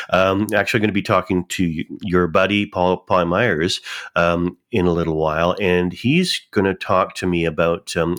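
A man hosts a relaxed interview with a slightly low voice. He talks conversationally and poses questions to his guest. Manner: conversational, asks questions, with short backchannels. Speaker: podcast host. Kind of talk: casual interview chat.

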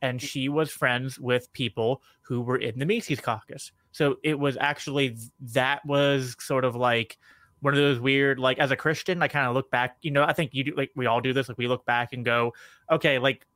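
A man guesting on a podcast who rambles in relaxed chat and leans on filler words. His voice sits at a medium pitch. The recording is dry and close. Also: moderate pace, dry recording. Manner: rambling, heavy use of filler "like". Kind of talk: casual chat.

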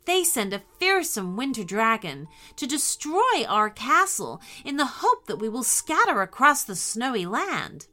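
Slow, expressive woman storyteller. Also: a little high. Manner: slow, expressive, gentle reading. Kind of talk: bedtime storybook narration.

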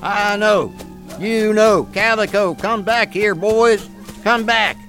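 A man's voice: sits high, takes it slowly, a bit bright, faint music behind, pitched above the performer's own voice, heavily acted. A man voicing a frightened old backwoods man who hollers for his dogs. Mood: urgent shouting.

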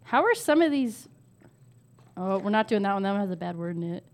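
Playful young woman, animated voice. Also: mid-range voice, a little fast. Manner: playful, laughs often. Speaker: co-host. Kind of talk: casual chat over a party game.

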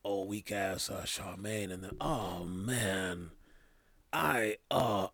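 A man's voice: fairly low pitch, extremely slow, music in the background. A man hosting a casual podcast, rambling with loose slang, trailing off and restarting his thoughts. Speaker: podcast host. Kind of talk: casual chat.

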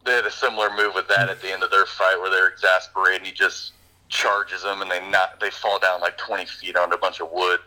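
Bright-voiced man rambling through a movie recap. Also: deep voice, a little fast, rough recording. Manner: rambling, animated retelling with fillers. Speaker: podcast co-host reviewing a movie. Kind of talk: casual chat.

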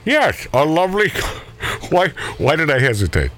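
Middle-aged male talk radio host, lively pitch, rambling and jokey. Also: moderate pace. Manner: rambling, joking, laughs often. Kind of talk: casual talk radio banter.

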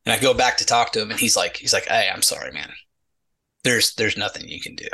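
Bright-voiced man telling army stories. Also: lowish voice, fast talker, husky, rough recording. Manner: animated storyteller acting out quoted dialogue, many repeated "he's like". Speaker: podcast guest, retired Army sergeant. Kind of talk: casual storytelling interview.

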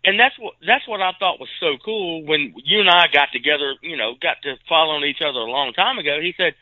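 A man co-hosting a casual podcast, chatty and quick to laugh. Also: fairly high pitch, no echo. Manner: animated, laughs easily, chatty storyteller. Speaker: podcast co-host. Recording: dry, tinny phone-like line.

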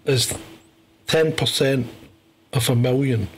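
A man's voice: mid-range voice, steady tone, slow, a little hiss or hum, low-quality recording. A man co-hosting a casual political chat, arguing his case with rhetorical questions. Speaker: podcast co-host.

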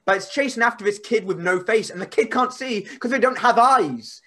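A man, a podcast guest, telling stories in a rambling, animated way. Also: sits high, a little fast. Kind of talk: casual podcast chat.

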